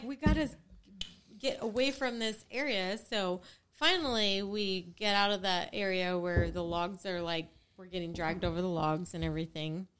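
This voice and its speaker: A young woman with a smooth, clear voice tells a story among friends. She talks in an animated way, acts out what others said, and swears casually. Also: mid-range voice.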